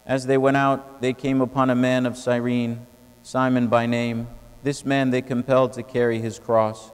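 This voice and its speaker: A man giving a steady liturgical scripture reading in a large cathedral, heard through a livestream microphone. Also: normal speed, smooth. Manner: steady, even reading with little pitch movement. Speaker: reader. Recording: long cathedral reverb.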